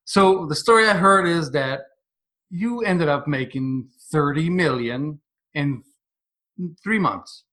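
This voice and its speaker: A man's voice: fairly high pitch, slow, pushed and bright. A man hosting a podcast, asking questions and offering brief, affirming responses. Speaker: podcast host. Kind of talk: interview questions and encouragement.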